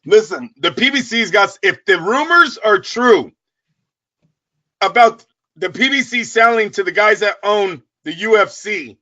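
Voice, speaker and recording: A very high-pitched man with a sharp, intensely bright tone holds the floor on a boxing talk show. He rants loudly and swears freely, firing off heated questions at his co-host and listeners. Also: expressive, measured pace, highs cut off. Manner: loud, profane, ranting. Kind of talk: heated sports talk rant.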